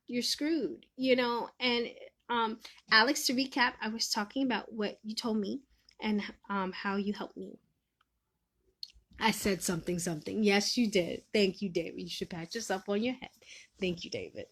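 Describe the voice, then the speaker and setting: Woman, live-stream host, casual chat, teasing, laughs a lot, loud-to-soft swings. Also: on the high side.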